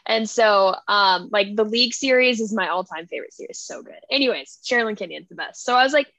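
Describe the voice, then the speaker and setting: A woman's voice: medium pitch, fairly quick, dry recording. A young woman co-hosting a casual podcast chat, telling stories animatedly and acting out what her family said, with lots of "like". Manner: animated storyteller, acts out family quotes, heavy "like" filler. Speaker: podcast co-host.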